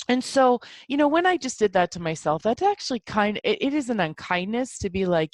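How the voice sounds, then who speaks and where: A woman's voice: a little high, big pitch swings, normal speed, hardly any pauses, no room sound. Woman podcast host, casual rambling talk, lots of fillers, encouraging, dry close sound. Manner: chatty, rambling with many fillers; warm encouraging self-help tone.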